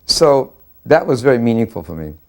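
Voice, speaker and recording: An older man reminiscing in an interview, earnest and halting, with many fillers as he recalls a memory. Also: medium pitch, very animated. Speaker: devotee sharing memories.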